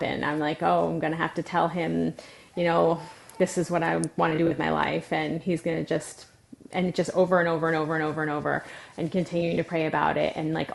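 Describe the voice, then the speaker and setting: A woman's voice: low voice, creaky. A middle-aged woman sharing her life story as a podcast guest, chatty and full of "like" and laughter. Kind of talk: casual personal testimony.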